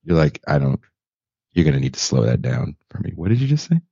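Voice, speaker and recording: A man hosting a podcast, chatting casually and telling animated, joking stories. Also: very deep voice, fast talker, vocal fry, breathy edge, dry recording. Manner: animated, laughing, storytelling. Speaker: podcast host. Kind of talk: casual chat. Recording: dull lo-fi sound.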